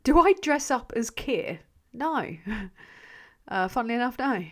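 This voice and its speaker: A woman's voice: a little high, lively intonation, measured pace. A woman hosting a casual live stream, reading out viewer comments in a rambling, self-mocking way, swearing freely and trailing off mid-sentence. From England. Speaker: channel host.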